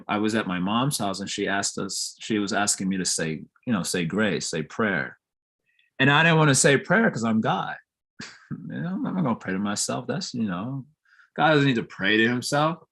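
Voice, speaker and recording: A man's voice: on the low side, a bit bright. A man giving a morning scripture class in a temple. He explains with homely comparisons, keeps checking that listeners follow, and laughs easily while telling stories.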